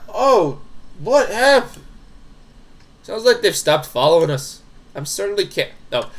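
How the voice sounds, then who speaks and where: A man streams a horror game live, reading every character's dialogue aloud. He jumps and swears at the scares. His voice sits at a middling pitch for a man. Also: a bit bright. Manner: jumpy, swears and reads dialogue in shifting voices.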